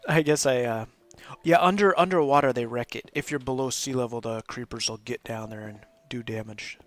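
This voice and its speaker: A medium-pitched man talks a little quickly while hosting a live game stream, offering loose, rambling commentary and often cracking up.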